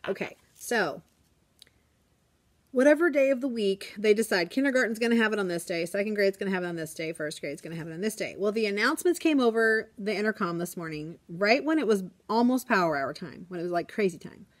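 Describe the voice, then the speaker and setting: A woman's voice: medium pitch, lively intonation, brisk. A young adult woman, a first grade teacher, telling a rambling, self-deprecating story in a casual vlog and acting out what people said. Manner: chatty and rambling, self-deprecating, acts out quotes.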